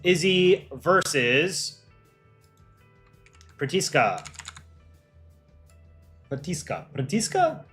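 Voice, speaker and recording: A man's voice: a little high, big pitch swings, extremely slow, long pauses, a bit bright, soft background music. A man casually hosting a livestream, chatting with viewers in a loose way with restarts and frequent laughter. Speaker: animator and livestream host.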